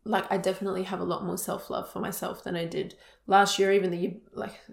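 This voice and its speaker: A young woman co-hosting a casual podcast, speaking earnestly and openly and scattering "like" through her sentences. Her voice has a gravelly, creaky texture, and the room around her adds a noticeable echo. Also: fairly low pitch, level tone, quick pace. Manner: earnest and open, many "like" fillers. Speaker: podcast co-host. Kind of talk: casual conversational podcast chat. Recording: roomy echo.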